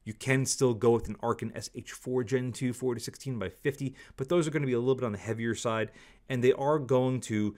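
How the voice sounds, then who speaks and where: A man's voice: medium pitch, darkish tone. A man giving a candid, opinionated product review, talking casually and repeating stock phrases. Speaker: scope reviewer.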